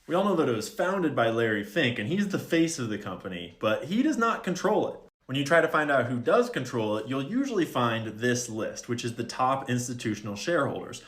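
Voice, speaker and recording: A man at an ordinary mid pitch talks straight to his viewers in a relaxed explainer tone. He works through his points step by step, drops dry sarcastic asides and ends on open questions. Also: brisk, hardly any pauses. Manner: conversational, wry asides, questioning. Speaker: video creator. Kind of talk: casual explainer monologue.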